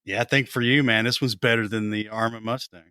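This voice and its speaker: A man's voice: mid-range voice, fairly even intonation, a little fast, sharp tone, clear, resonant tone, dry recording, clean studio sound. Teasing, joking podcast man. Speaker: podcast co-host. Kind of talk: casual chat.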